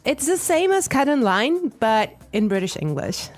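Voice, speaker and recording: A woman co-hosting an English lesson podcast, explaining clearly. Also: high-pitched, very animated, faint music behind. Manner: slow, clear teaching delivery. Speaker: podcast co-host.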